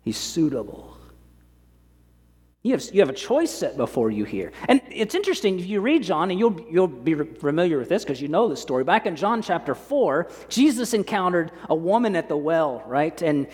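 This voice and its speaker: A man's voice: fairly high pitch, sing-song, darkish tone. Man preaching in an echoing hall. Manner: preaching with slow emphatic stresses and repeated words. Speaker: pastor. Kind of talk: sermon. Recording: long hall reverb.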